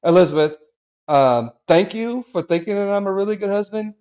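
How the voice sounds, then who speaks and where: A middle-aged man hosting a casual podcast chat, talking in an animated way, laughing often and restarting his sentences. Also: high-pitched, a little fast, dull audio. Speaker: podcast host.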